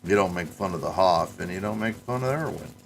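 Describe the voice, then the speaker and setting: A man's voice: low-pitched, lively intonation, fairly quick, vocal fry, noisy background. A man hosting a podcast, rambling and joking in casual chat. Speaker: podcast host.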